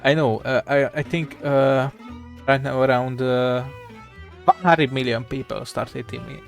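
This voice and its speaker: A man talking casually and thinking out loud, in an irreverent, profanity-laced ramble. His voice sits at an ordinary middle pitch. Soft music plays faintly in the background. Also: steady tone, unhurried, vocal fry. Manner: rambling, irreverent, swears, looks things up aloud.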